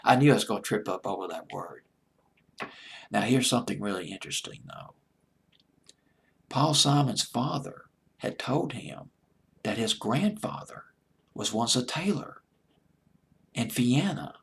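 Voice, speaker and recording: A man hosting a music show late at night, talking eagerly and rambling, sometimes dropping to a hushed near-whisper. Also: mid-range voice, animated, measured pace, vocal fry, pauses often, slightly rough. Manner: enthusiastic, rambling, drops to a hushed near-whisper when gushing. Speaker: deejay host.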